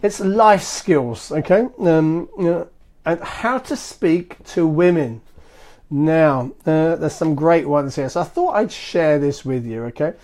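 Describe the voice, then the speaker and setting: A man's voice: a little high, slow pace, darkish tone. A man hosts a casual live stream, talking into his phone. He rambles in an easygoing way, fills gaps with ums, and restarts his sentences often. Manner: rambling and chatty, full of fillers and restarts. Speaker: marketing agency host of a live stream.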